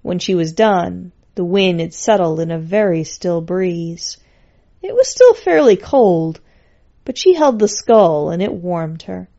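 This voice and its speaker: A woman reading a story aloud in a steady, plain way. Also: lowish voice, measured pace, highs cut off.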